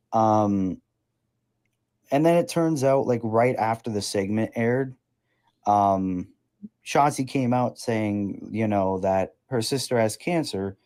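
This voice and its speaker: A man's voice: on the low side, dark tone. A man in his twenties hosting a podcast, ranting in a casual, sarcastic, profane way. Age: 20s. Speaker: podcast host.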